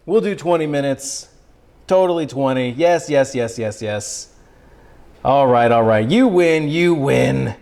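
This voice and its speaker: A high-voiced man hosting a cooking livestream from his home kitchen. He talks in a loose, chatty way, speaking straight to his viewers. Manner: chatty, addresses chat directly. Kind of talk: casual livestream chat.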